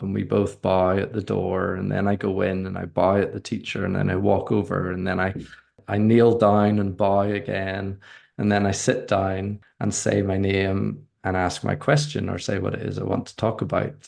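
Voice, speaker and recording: A man, a podcast guest telling a reflective personal story, halting with frequent restarts. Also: deep voice, creaky, darkish tone.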